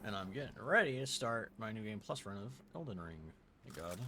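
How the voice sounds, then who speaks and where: A young man chatting casually while streaming a game, relaxed and swearing a little. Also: on the low side, a little fast, noisy background. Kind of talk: casual gaming chat.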